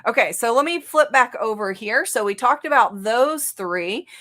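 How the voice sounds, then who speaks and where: A woman with a Southern US accent hosts a live software lesson. She talks in a casual, conversational way, thinking aloud and dropping in "um"s and "okay"s as she clicks through each step. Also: fairly high pitch, expressive, normal speed. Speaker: software instructor.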